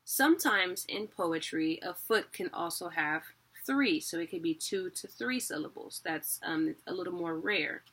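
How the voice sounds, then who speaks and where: A woman's voice: fairly low pitch, a little slow, hardly any pauses, a bit bright. A young woman giving a casual, chatty video lesson on poetry rhythm, laughing at herself and checking that viewers keep up. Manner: chatty, self-deprecating, laughs often. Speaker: online teacher.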